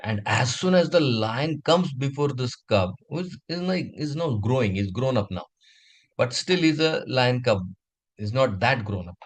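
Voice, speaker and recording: A man teaching a children's class, telling a moral animal fable in an animated way with drawn-out pauses. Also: medium pitch, poor audio. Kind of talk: storytelling for a kids' class.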